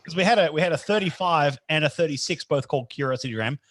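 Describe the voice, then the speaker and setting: A man's voice: on the high side, quick pace, a bit bright, dry recording. A man hosting a casual evening video chat, telling rambling stories and correcting himself as he goes. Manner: rambling, self-correcting storyteller. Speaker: host. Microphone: video call.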